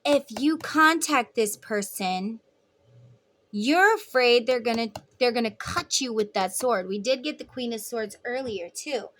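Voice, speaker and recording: A woman's voice: fairly high pitch, unhurried, fairly bright tone. A woman giving a rambling, chatty tarot reading who acts out imagined lines for the people in it. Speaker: tarot reader. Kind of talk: casual tarot reading monologue.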